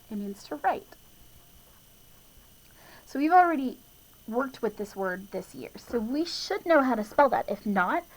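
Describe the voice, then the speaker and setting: A woman's voice: medium pitch, rough recording. A woman teacher giving a spelling lesson to young children, patiently spelling words letter by letter, sounding out each part and chuckling at her own slips.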